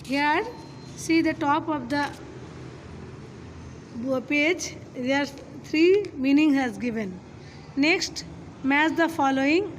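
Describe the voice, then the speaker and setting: A woman teacher, reading a children's poem aloud and then explaining it step by step, often pausing to address the children. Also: high voice, a little hiss or hum. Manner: reads slowly, then explains step by step with frequent "okay" and "children". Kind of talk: classroom poem lesson.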